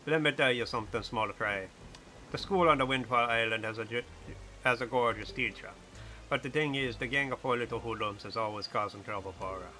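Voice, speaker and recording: A gossipy talking fish from a video game, rattling off island news in a put-on Jamaican-flavored lilt, as a man puts him on. The voice is bright and forward, with faint music underneath. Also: medium pitch, a little fast, lightly acted. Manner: put-on Jamaican-sounding accent. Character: chatty male fish giving island gossip.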